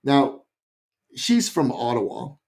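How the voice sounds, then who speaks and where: Animated Canadian man telling a story. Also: medium pitch, slow pace. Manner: animated, acts out quoted voices. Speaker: guest. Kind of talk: storytelling in a podcast interview.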